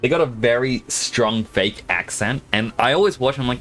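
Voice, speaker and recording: Australian male game streamer; rambling, self-interrupting chat, mid pitch, faint music behind. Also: normal speed, a bit bright. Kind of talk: casual gameplay commentary.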